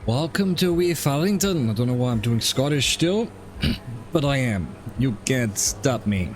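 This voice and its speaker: A man's voice: medium pitch, animated, a little slow, faint music behind. A man streaming a flight simulator, giving casual commentary as he muses aloud with wry asides.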